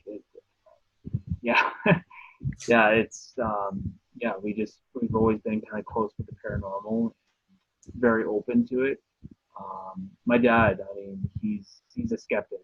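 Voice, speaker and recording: A young man telling a story casually on a video call, hesitant, with many pauses and restarts. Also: lowish voice, dry recording. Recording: dry phone-like raspy call audio.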